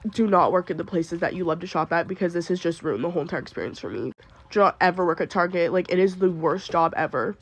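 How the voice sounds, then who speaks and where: A woman's voice: fairly low pitch, quick pace. A young adult woman who works retail tells a storytime in exasperated, ranting bursts, sick and upset. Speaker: retail worker. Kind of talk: storytime venting video.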